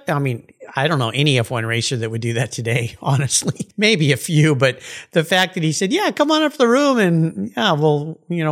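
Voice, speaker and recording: A man's voice: fairly high pitch, fairly bright tone. A man hosting an interview, asking eager, enthusiastic questions. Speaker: interview host.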